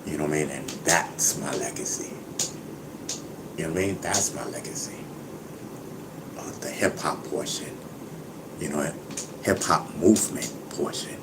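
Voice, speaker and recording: A man's voice: extremely low pitch, unhurried, pauses often, very noisy. A man talking casually to his viewers, boastful and laughing, who keeps saying "you know what I mean". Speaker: vlogger.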